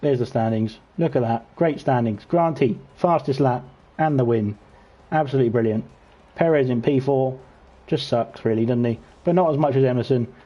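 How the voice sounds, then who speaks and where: Medium in pitch and moderate in pace, this British English speaker is a league race host and commentator streaming from a home gaming setup. He chats and teases the drivers in casual sim-racing commentary, getting lively as the action heats up.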